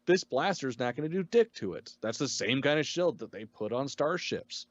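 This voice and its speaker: Lively-voiced man on dry, muffled audio. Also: medium pitch, normal speed, no room sound. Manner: laid-back, profane, agreeing. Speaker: podcast co-host. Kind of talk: casual review chat.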